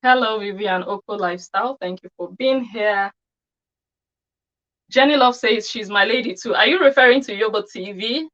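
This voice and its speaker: A woman's voice: medium pitch, moderate pace, a bit bright. Scornful woman vlogger, lo-fi sound. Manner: scornful, rhetorical questions. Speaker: commentary vlogger. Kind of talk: opinionated commentary monologue.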